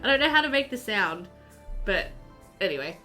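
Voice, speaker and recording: A woman's voice: mid-range voice, big pitch swings, normal speed, sharp tone, soft background music. A woman streaming a life-sim game live, chatting loosely, laughing often and reading out her chat as she plays.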